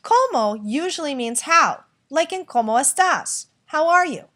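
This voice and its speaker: A woman teaching a recorded lesson, explaining clearly and patiently and acting out example sentences. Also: high voice, lively intonation, normal speed, sharp tone. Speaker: Spanish teacher.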